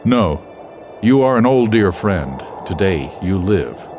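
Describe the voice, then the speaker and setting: A wise old wolf who leads his pack, voiced by a man in a storybook. He speaks quietly and firmly with a solemn weight. His voice sits low and moves with feeling. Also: very animated, slow, soft background music, full character voice. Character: calm, wise male wolf pack leader.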